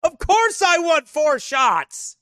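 Bright, animated high-voiced man. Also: slow pace, no echo, studio quality. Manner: animated, laughs often. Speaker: vlogger showing travel photos. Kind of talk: casual storytelling.

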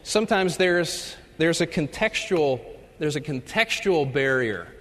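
A male professor giving a humorous chapel talk, telling stories and acting out the jokes in loud voices. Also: a little high, expressive, unhurried. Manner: storytelling, acts out jokes with loud shouted voices. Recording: long reverb of a large hall.

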